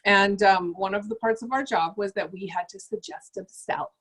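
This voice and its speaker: Middle-aged woman trainer, casual and upbeat, sick, jumps into playful higher voices for customers. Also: moderate pace, fairly bright tone. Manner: chatty, acts out customer voices with big pitch jumps. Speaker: sales trainer. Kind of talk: casual motivational talk.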